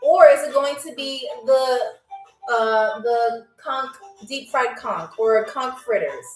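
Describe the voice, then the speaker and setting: A woman's voice: fairly high pitch, slow, a little mellow, roomy sound, far from the mic, faint music behind, poor audio. A woman hosting a live-stream game show, playful and chatty, talking straight to her viewers.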